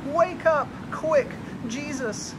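A man's voice: very high voice, very slow, background noise, voice pushed up, heavily acted. A man voicing frightened grown fishermen who shriek for help in a storm, in a storybook reading. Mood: panicked. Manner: shrieking, frantic.

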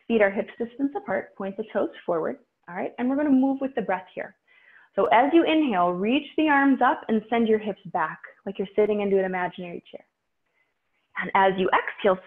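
A woman teaching a guided yoga class, calmly cueing breaths and poses. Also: fairly high pitch. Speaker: yoga instructor. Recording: tinny phone-like audio.

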